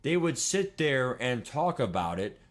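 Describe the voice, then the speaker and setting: A man in his twenties chatting casually on a livestream, rambling and excitable, swearing and laughing as he talks. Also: medium pitch, a little slow. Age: 20s. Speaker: streamer.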